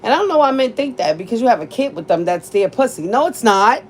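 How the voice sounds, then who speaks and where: A woman's voice: fairly high pitch, very animated, fast talker, a little hiss or hum, low-quality recording. A woman, talking candidly and bluntly in a casual chat, cursing freely and laughing often. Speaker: podcast host.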